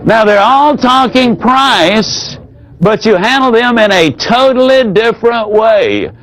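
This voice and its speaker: A man teaching a sales training seminar in a folksy, demonstrative way. He drops his voice low whenever he acts out an example. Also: animated, takes it slowly, a bit bright, low-quality recording.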